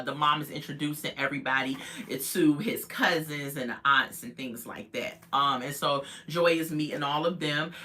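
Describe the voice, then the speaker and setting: A woman casually recapping a reality TV episode, chatty and animated, talking straight to her viewers. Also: deep voice.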